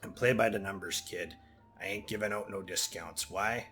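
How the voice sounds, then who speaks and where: A man's voice: sits low, normal speed, fairly bright tone, soft background music. A man voicing a greedy, scheming male goblin scout in a game, with a loose put-on Caribbean-ish lilt and slangy broken grammar. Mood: wheedling.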